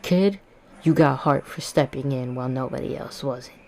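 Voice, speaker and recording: A woman voicing a heroic adult male superhero who shouts triumphant lines. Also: very deep voice, moderate pace, gravelly.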